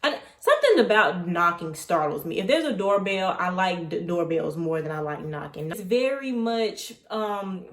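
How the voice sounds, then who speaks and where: Talking at a moderate pace with few pauses, a young woman vlogger with a lowish voice retells an experience. Her chatty, animated account digresses often, and it was recorded in an echoey space.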